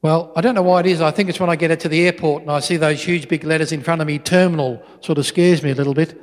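A middle-aged Australian man giving a storytelling witness talk in a church, animated and full of restarts. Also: on the high side, fast talker. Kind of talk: storytelling sermon. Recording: long church reverb.

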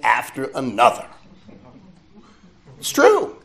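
A man, a friar, preaching a sermon to a religious conference in an animated, conversational way, with asides to his listeners. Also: fairly high pitch, moderate pace. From United States.

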